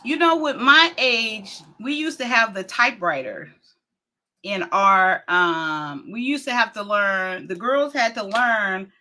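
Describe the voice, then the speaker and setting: A woman's voice: medium pitch, slow pace. A middle-aged woman, hosting a live stream in casual, exclamatory chat. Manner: lively, exclaims and laughs often.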